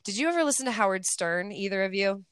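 A woman in her forties from Southern California, telling stories in a casual, animated chat and cursing freely. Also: mid-range voice, fast, smooth, no echo. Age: 40s. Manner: chatty, animated storyteller who curses freely.

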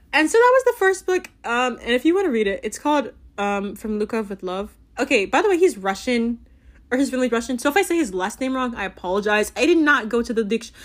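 A woman's voice: fairly high pitch, fairly bright tone. A teenage girl chatting casually about books she loved, rambling and giggly with lots of fillers. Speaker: book vlogger. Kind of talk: casual book review chat.

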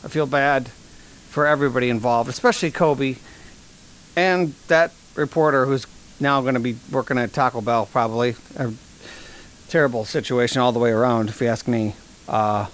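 A man hosting a comedy podcast, delivering sarcastic, deadpan rants and mock sponsor ads. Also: medium pitch, moderate pace. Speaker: podcast host. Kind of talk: comedic monologue.

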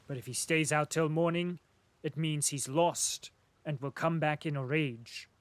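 A man's voice: fairly high pitch, steady tone, a little slow, dry recording, natural voice. A man voicing a sly, roguish soldier orderly who speaks in a wry, matter-of-fact way.

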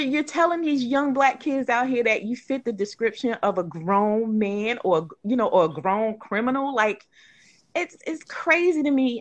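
A woman's voice: a little high, dull audio. A woman co-hosting a casual podcast discussion, talking emphatically with many restarts and rising into indignant rhetorical questions. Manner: frequent restarts and fillers. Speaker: podcast co-host.

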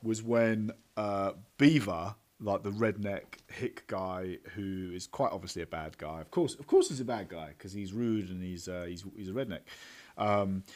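A man's voice: on the low side, normal speed, a little mellow. A man in casual film-review chat, critical and exasperated, often repeating himself for emphasis.

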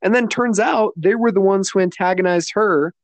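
A man with a somewhat high voice explains events on a podcast, restarting phrases to get the details right. The sound is dry and close. He is casual and conversational. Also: moderate pace, dry recording. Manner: explains carefully, restarts and clarifies. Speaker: podcast co-host. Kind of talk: casual commentary chat.

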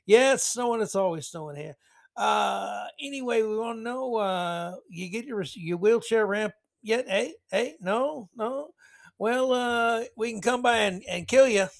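A man's voice: sits high, unhurried, vocal fry, voice pushed up. A man putting on a chirpy Canadian government caller. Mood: chirpy mocking. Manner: folksy, breezy, mocking. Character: mock cheery male Canadian government caller.

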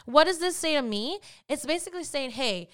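A woman's voice: high voice, animated, fairly quick, fairly bright tone. A woman hosting a faith podcast, talking in an earnest, encouraging way and often repeating phrases for emphasis. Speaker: podcast host.

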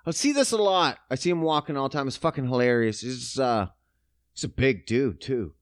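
A man hosting a podcast, ranting casually with lots of swearing and mocking, his voice jumping up and down in pitch. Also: fairly quick, no room sound, studio quality. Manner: profane, animated, mocking ranting with sudden pitch jumps. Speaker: podcast host.

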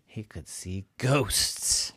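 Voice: mid-range voice, drawn-out words, fairly bright tone, breathy edge, no room sound, clean studio sound. A storyteller telling a playful, improvised bedtime story.

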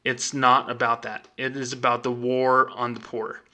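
A man's voice: medium pitch, monotone, moderate pace, sharp tone. A man and former bank employee hosting a show, ranting in an emphatic, indignant way and repeating words for stress. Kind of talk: casual rant.

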